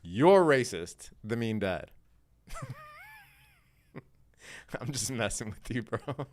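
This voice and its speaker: A man's voice: medium pitch, very animated, slow pace, a little mellow. Chill guy streaming his day trades, slangy and joking around. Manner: slangy, laid-back, laughs often. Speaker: day trading livestream host. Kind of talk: casual live trading commentary.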